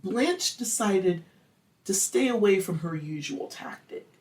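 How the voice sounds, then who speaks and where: A podcast host spins a true-crime tale in loose, animated talk. The speech is crude and playful, and the voice sits a little back from the microphone. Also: medium pitch, slow, recorded from a distance. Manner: animated, crude, acts out quotes. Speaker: podcast host telling the story. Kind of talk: casual true-crime storytelling.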